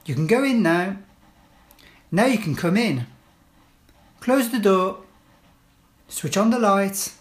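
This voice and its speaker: A woman reading classroom English phrases one at a time, clearly and deliberately, as a language teacher. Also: medium pitch, lively intonation. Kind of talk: slow read-aloud list of classroom phrases.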